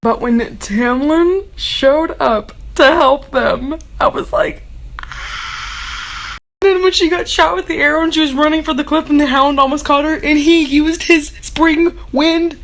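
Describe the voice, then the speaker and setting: High-voiced, gushing young woman book vlogger. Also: unhurried, a little hiss or hum, low-quality recording. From Texas. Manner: dramatic, gushing, sarcastic fangirl rambling. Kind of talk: reading snapchat reactions to a fantasy novel.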